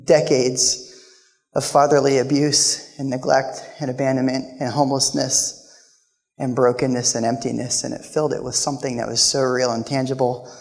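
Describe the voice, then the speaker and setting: A male guest speaker telling a personal story in a sermon, now loud, now hushed. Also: mid-range voice, gravelly, big-room sound. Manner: storytelling, emotional, shifts between loud and hushed.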